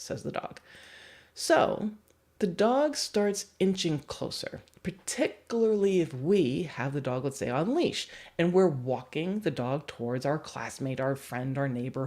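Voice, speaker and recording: A young adult woman and dog trainer giving a livestream lesson, animated and acting out examples. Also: deep voice, normal speed. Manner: animated, acts out examples with voices.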